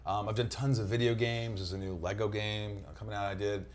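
A man, an actor and guest, in casual chat, telling animated stories. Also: fairly low pitch, brisk, slight background noise. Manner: animated storyteller, slips into impressions.

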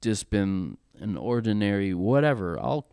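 Man, 30s, worship leader type; candid and halting, lowish voice, dry close recording. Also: sing-song, gravelly, warm tone, clean tone, dry recording. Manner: earnest, halting with frequent restarts. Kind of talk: candid conversational storytelling.

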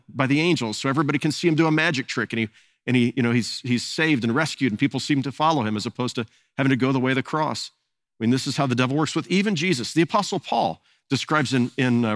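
A man's voice: mid-range voice, no echo. Earnest male pastor, dry sound. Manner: earnest, repeats words while searching for phrasing. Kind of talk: sermon.

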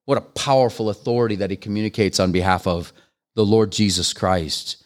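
Brisk and fairly low-pitched, an older guest preacher pleads earnestly through his sermon. He presses the congregation with questions that rise into fervent appeals.

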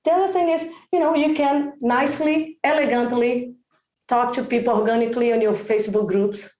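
High-pitched woman, expressive, excitable real estate agent, echoey room. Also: fairly quick. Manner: expressive, excitable, many exclamations. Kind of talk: enthusiastic interview advice.

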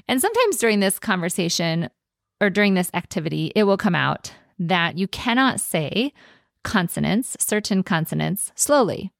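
A woman's voice: fairly low pitch, lively intonation, moderate pace, vocal fry, no room sound, studio quality. A woman hosting a podcast, explaining in a casual teaching tone and stretching out words for emphasis. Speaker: podcast host.

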